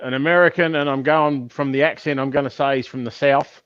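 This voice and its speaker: A man's voice: mid-range voice, fairly even intonation, a little fast, a bit bright, smooth, dry recording. A man with an Australian accent hosting a casual woodturning chat, easygoing and full of banter. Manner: easygoing, mate-ish banter. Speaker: woodturning channel host. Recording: slightly muffled mic.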